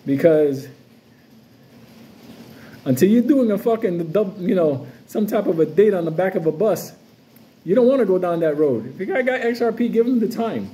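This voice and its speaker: A man's voice: high-pitched, expressive, normal speed, pauses often, warm tone. Profane swaggering New man ranting. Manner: profane, loose, swaggering, jumps between stories. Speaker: crypto vlogger. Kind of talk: casual unscripted rant to camera.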